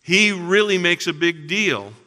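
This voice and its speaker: His voice sits high, sharp and very bright as this middle-aged pastor preaches, animated but unhurried. Rhetorical questions push his points, and he shifts from ringing emphasis to almost hushed stretches, all echoing with a large sanctuary's long reverb.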